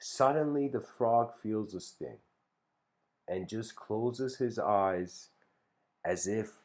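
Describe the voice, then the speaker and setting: A man's voice: fairly low pitch, slow, darkish tone. A man giving a talk, telling a story in a laid-back, rambling way with lots of fillers and restarts. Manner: chuckles between phrases. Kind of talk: casual spoken storytelling and reflection.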